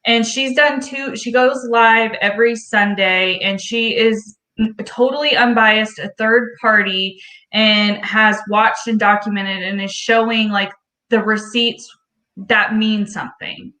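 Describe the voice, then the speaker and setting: A woman talks bluntly on a live-stream call, brushing off critics in plain terms. Her voice is bright and a little high, and the room around her sounds echoey. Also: fairly even intonation, measured pace. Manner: blunt, outspoken, dismissive of critics. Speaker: guest creator. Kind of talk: casual live-stream chat. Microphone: remote call audio.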